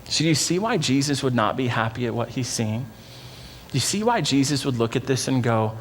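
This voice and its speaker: A man pastor preaching a sermon in an earnest, conversational way, often dropping low and soft to drive a point home. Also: expressive, normal speed, a little hiss or hum. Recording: long church-hall reverb.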